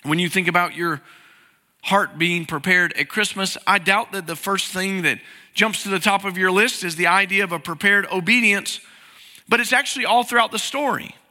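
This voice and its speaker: A man's voice: high-pitched, moderate pace, bright, forceful tone. A man preaching a conversational sermon, asking the congregation questions and acting out inner voices. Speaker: pastor. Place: church sanctuary. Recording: long hall reverb.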